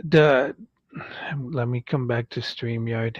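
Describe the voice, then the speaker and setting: A man's voice: mid-range voice, fairly even intonation, slow pace, no echo, highs cut off. A man hosting a casual toy-review livestream, rambling with fillers and restarts as he reads product copy aloud. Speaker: livestream host.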